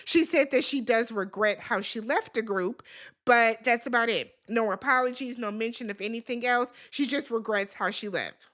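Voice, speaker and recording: A woman gives a casual reality TV recap in a high, bright voice. She is blunt and sassy, swears freely, and talks straight at the cast as if scolding them. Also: moderate pace. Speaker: TV recap host.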